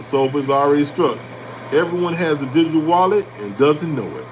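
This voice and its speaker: A man hosting an animated motivational talk on finance, blunt and preachy, repeating his points and swearing casually. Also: fairly high pitch, fairly quick, background noise. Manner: preachy and emphatic, repeating lines for effect. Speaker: host.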